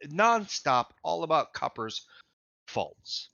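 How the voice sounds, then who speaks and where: A man's voice: medium pitch, big pitch swings, unhurried, sharp tone, no room sound, dull audio. A man narrating as game master of a tabletop game, improvising descriptions with lots of fillers.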